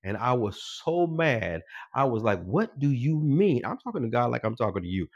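A man preaching a sermon. He repeats his phrases and climbs higher and louder as he drives a point home. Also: very animated, a little fast, gravelly, lo-fi sound. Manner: builds in pitch and volume, repeats phrases for emphasis.

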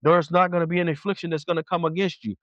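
A fervent male preacher with a somewhat high voice, pressing his points hard. He races through some lines and stretches others out for weight. The sound is dry and close, with no room around it. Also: level tone, a bit bright, dry recording, muffled recording. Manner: fervent, emphatic, shifts between fast bursts and slow drawn-out lines. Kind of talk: sermon.

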